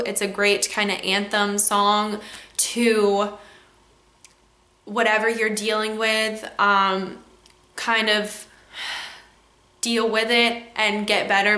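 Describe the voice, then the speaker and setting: A woman's voice: medium pitch, pushed and bright, reverberant. A young woman vlogging a candid personal reflection, close to tears, with many "like"s and "um"s. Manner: candid, emotional, with frequent "like" and "um". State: on the verge of tears.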